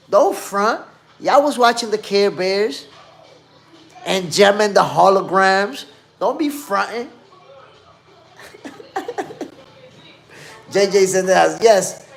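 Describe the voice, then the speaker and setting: Speaking slowly with a gravelly voice and frequent pauses, a man in his fifties who hosts a boxing podcast leads a live stream. His pitch is somewhat high for a man, and he's slangy and animated, eagerly reminiscing as he responds to the chat.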